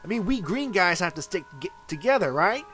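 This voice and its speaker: A man's voice: high voice, very animated, brisk, fairly bright tone. A man voicing a cocky young male hedgehog gang leader, pushy and chummy. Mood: smooth-talking. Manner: pushy, chummy, talks over others. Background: music.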